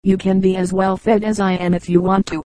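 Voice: medium pitch, level tone, a little fast, warm tone, no echo, lightly acted, low-quality recording. A reader voicing a smug, well-fed male house dog in an audiobook fable, boasting and coaxing.

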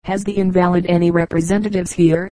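A tall, rough boat captain who makes his decisions firmly but kindly, as a woman reader puts him on. His lines come low and level, with little rise and fall. He speaks in a storybook reading. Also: flat delivery, a little fast, mellow, dry recording, lightly acted.

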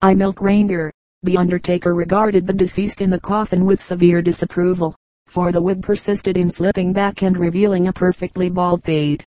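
A woman reading aloud a book of short jokes as an audiobook narrator, in a steady, even way. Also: fairly low pitch, fairly quick, no room sound, rough recording. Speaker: audiobook reader. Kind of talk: scripted narration of a joke book.

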